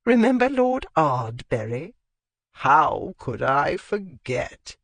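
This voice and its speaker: An audiobook narrator voicing an elderly society lady who speaks slowly and knowingly. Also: mid-range voice, very animated, dry recording. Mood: reminiscent.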